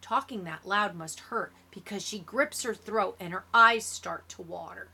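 A woman reading a first-person audiobook in steady, lower-key narration. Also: unhurried, creaky, slightly rough.

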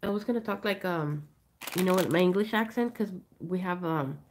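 A woman's voice: on the low side, moderate pace, darkish tone, slight background noise. A woman chatting casually while she shows and prices jewelry on a live sale stream. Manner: chatty, rambling, showing items up close. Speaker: online jewelry seller.

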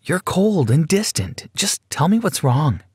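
A man's voice: fairly high pitch, very animated, measured pace, breathy edge, no room sound, studio quality, voice pushed up, full character voice. A man putting on a creepy, unhinged teenage girl in a baby voice. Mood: pleading. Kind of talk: animated story narration.

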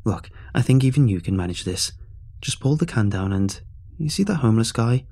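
A man with a medium-pitched, warm, gravelly voice speaks animatedly and fairly quickly, playing a chirpy, mocking young man trapped in a beer can. Bossy in mood, the character taunts and orders the listener around, snapping with sarcasm.

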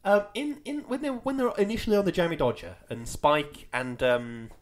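A man's voice: a little high, moderate pace. A man co-hosting a podcast in casual chat, laughing often and acting out scenes he retells. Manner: laughs often, acts out scenes in silly voices. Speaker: podcast co-host.

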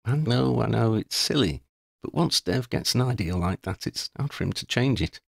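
A man's voice: mid-range voice, animated, creaky, no echo, studio quality, pitched above the performer's own voice. Oddie, a man voicing a tactful young wizard. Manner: polite, measured, tactful. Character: polite careful young wizard, thoughtful.

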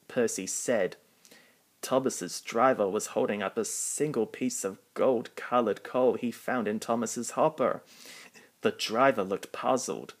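A man reading a children's storybook aloud in a plain, even narration. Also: fairly low pitch, takes it slowly.

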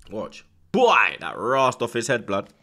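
A man hosting a live football watchalong, reacting loudly to the match with slang and swearing, shouting instructions at the players. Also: fairly low pitch, unhurried, slight background noise. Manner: excitable, shouts at the screen, heavy slang and swearing.

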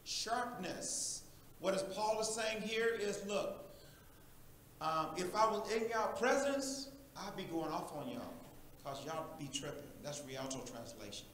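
A man preaches an animated sermon in a church, often calling out to the congregation. His voice is high and bright. The sound bounces around a very echoey room. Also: unhurried, a little hiss or hum. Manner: animated, preachy call-and-response. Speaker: pastor.

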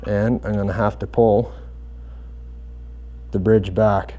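A man explaining bass guitar adjustments step by step in a calm, methodical tutorial. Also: slow pace.

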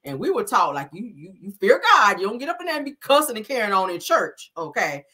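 A young woman with a bright, husky voice hosts her own chat show in an animated, laughing way. Her pitch swings widely as she acts out the people she talks about. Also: fast talker. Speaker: host. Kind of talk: casual commentary.

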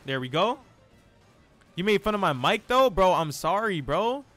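A young man streaming live gameplay, chatting in an excitable, slangy, self-mocking way. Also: high voice, normal speed, soft background music.

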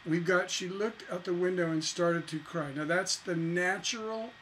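A man's voice: sits high, moderate pace, fairly bright tone, slight background noise, poor audio. A man teaching songwriting in a casual lesson, musing aloud as he works through chords on guitar. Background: acoustic guitar playing.

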